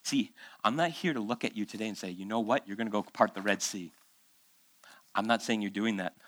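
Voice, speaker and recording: A man's voice: fairly low pitch, brisk, fairly bright tone, no echo. A male pastor preaching a conversational sermon, firing off rhetorical questions and acting out the voices he quotes, after months of illness. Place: church.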